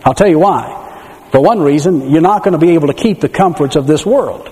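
A man's voice: on the high side, a little fast. A man preaching a sermon, telling stories and asking rhetorical questions, in an echoey hall. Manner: animated storytelling with rhetorical questions.

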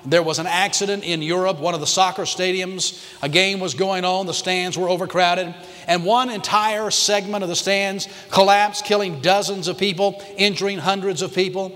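A man preaching a sermon as pastor to his church, emphatic, repeating key lines and slowing down to stress them. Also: sits high, fairly even intonation, fairly bright tone. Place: church sanctuary. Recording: long hall reverb.

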